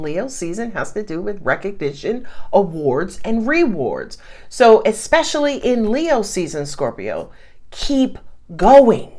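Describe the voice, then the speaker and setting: A woman talks through a tarot reading in a loose, animated way, laughing often and letting the odd curse word slip. Her voice sits at an ordinary middle pitch. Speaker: tarot reader. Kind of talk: casual spoken tarot reading.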